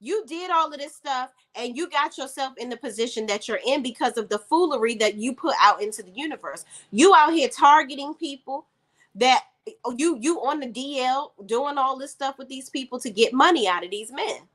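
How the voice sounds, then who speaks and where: Blunt, animated woman recapping TV. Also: sits high, normal speed. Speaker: TV show reviewer. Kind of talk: casual TV recap.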